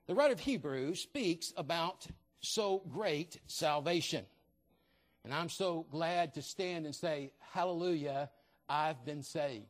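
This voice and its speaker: A man with a noticeably high voice delivers a fervent sermon as a visiting preacher. He builds his points by repeating key phrases and lands them with conviction. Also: slow pace.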